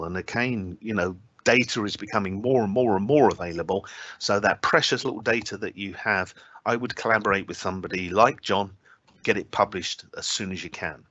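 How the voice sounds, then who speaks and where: A man's voice: lowish voice, sharp tone, no echo, muffled recording. A man giving an academic talk at an online scientific symposium, hesitant with frequent filler sounds, with touches of dry humour. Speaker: invited speaker at a scientific symposium.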